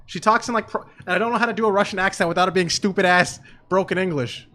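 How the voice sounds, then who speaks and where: A man's voice: high voice, fast talker, noisy background. A young man streaming a game, cursing, joking and laughing as he comments on the story. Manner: profane, joking, laughs often. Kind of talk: casual gameplay commentary. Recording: game music underneath.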